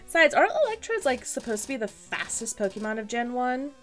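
A woman's voice: a little high, sing-song, brisk, faint music behind. A woman hosting a gaming channel, giving chatty, playful commentary on her own play and exclaiming often. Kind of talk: casual game commentary.

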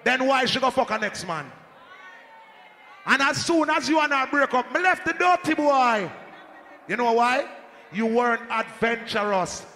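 A man with a Jamaican accent hyping a live dance as sound system selector, shouting and joking with the crowd over a handheld mic. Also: extremely high pitch, animated, a little slow, pauses often. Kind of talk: live hype talk at a dance. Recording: echoey hall, faint crowd noise.

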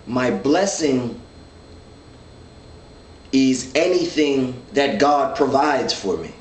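A man's voice: mid-range voice, lively intonation, extremely slow, a little hiss or hum. Earnest man teaching the Bible in an echoey room. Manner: earnest, thinks aloud with restarts, reads scripture. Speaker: Bible study leader. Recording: echoey room, mic at a distance, faint ambience.

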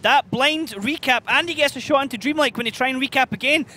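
Male play-by-play caster: very high, bright voice, quick and excitable. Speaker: esports caster. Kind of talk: live play-by-play commentary.

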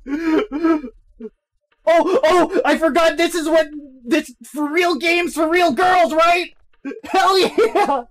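A woman's voice: very high voice, takes it slowly, faint music behind, low-quality recording. A woman streamer giving casual gameplay commentary, full of frantic exclamations and cursing. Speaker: game streamer.

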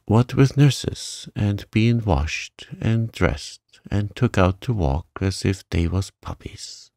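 A man's voice: on the low side, expressive, slow pace, vocal fry, darkish tone, no room sound, clean studio sound, full character voice. A man voicing a cheerful, talkative young housemaid with a broad Yorkshire accent, plain-spoken and unbothered.

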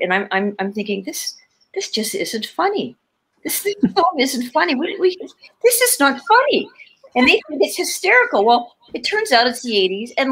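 Animated woman telling a long story. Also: mid-range voice. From Canada. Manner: animated, laughing, many restarts. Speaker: guest actor. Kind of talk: casual interview storytelling.

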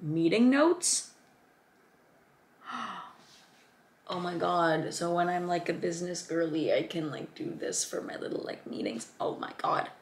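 A young woman, a student vlogger, chatting casually and excitedly, gasping and gushing as she talks. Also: lowish voice, normal speed, gravelly, few pauses. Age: young adult. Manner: excited, gushing, lots of gasps and fillers. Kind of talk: casual chat.

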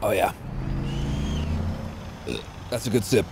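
A man's voice: on the low side, fairly even intonation, slow pace. A young man livestreaming a game, chatting casually and teasing with playful jokes and bursts of cheering. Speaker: livestreaming gamer. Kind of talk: casual gameplay commentary. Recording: game noise behind the voice. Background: gunfire and vehicle sounds from the game.

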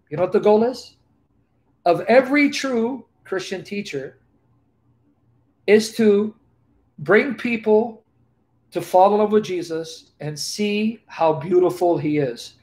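A man's voice: sits high, animated, a little slow. A man teaching the Bible during a live question session on a video call, preaching emphatically and repeating verse references. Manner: emphatic, repetitive, reads scripture aloud.

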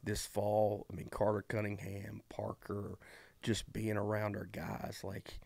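Gravelly man telling a story. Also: fairly low pitch, no room sound. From eastern North Carolina. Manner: animated, folksy, fast bursts with many fillers and restarts. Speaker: head college baseball coach, guest. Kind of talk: casual storytelling conversation.

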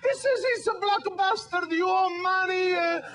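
A man doing an impression of his immigrant father, an older man with a thick Italian accent, halting and excitable. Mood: flustered. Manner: excitable, high and loud. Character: man's elderly Italian immigrant father, flustered.

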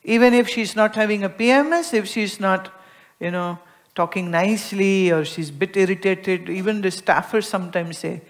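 An Indian-accented spiritual teacher speaks to her audience at a moderate pace and medium pitch. She explains with lively expression, shifting between soft hushes and emphasis, and frequently acts out everyday conversations.

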